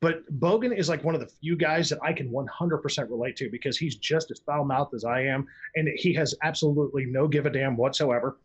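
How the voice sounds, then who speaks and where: A husky man with a fairly high voice rattles through casual podcast chat. He is blunt and foul-mouthed, and he keeps breaking into quoted voices that leap up in pitch. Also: a little fast, hardly any pauses, highs cut off. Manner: acts out quoted voices with big pitch jumps.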